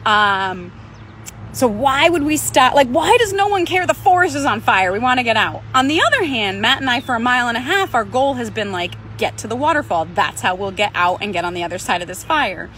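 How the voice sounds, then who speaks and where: Pilates instructor, woman, higher register, conversational storyteller who voices the people in her story. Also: expressive, a little fast, fairly bright tone, a little hiss or hum. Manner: conversational, acts out other people's lines. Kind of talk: personal storytelling.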